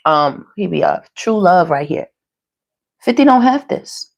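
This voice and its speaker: A woman giving a casual tarot reading, talking to her viewers in a chatty, slangy, animated way. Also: fairly low pitch, a little slow, creaky, a little hiss or hum. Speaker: tarot reader.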